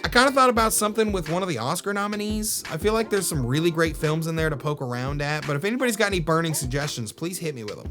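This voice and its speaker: A man's voice: a little high, a bit bright. A man giving a chatty, self-deprecating outro to his video essay in a loose, conversational way. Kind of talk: casual commentary outro.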